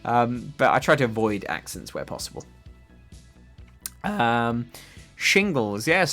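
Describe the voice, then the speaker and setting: A man's voice: mid-range voice, big pitch swings, takes it slowly, long pauses, a bit bright, faint music behind. A young man chatting casually on a livestream, reading viewer comments aloud, rambling with lots of fillers. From England. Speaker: livestream host. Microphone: desk microphone.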